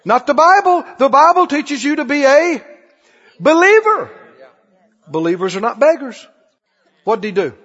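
A man's voice: extremely high pitch, big pitch swings, normal speed, pauses often, a bit bright, big-room sound, muffled recording. A man preaching a sermon, firing repeated questions at his congregation. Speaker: pastor.

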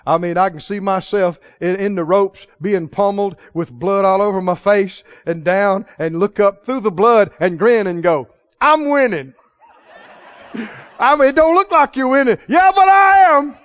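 A man preaching a sermon, chuckling often and swinging from hushed storytelling to loud proclaiming. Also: high-pitched, moderate pace, few pauses, no room sound. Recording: dull lo-fi recording.

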